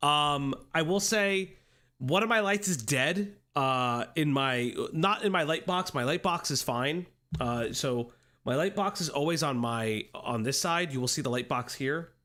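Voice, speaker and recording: A man hosts a casual livestream commentary from his home streaming room on a desk mic, greeting chat in a playful sing-song way and rambling in asides. His voice is on the high side and a little slow, with lively intonation and a sharp tone.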